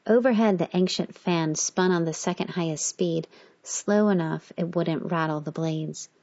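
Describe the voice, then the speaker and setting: A woman reads aloud at an even, measured pace, her voice on the low side. The recording is dull and lo-fi, with the highs muted. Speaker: reader. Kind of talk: reading a letter and a short story aloud.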